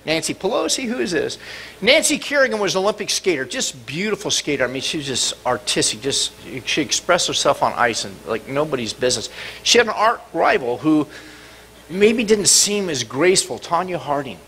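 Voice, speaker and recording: Middle-aged pastor guy giving a sermon, high bright voice, very animated. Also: fairly quick. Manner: dramatic, acts out cries and shouts. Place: church sanctuary.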